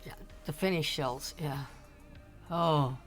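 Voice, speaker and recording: Middle-aged woman, low voice, halting casual chat, faint music behind. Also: steady tone. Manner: halting, restarts often, gasps at surprises. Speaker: streamer's mother, guest. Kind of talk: casual family chat on a livestream.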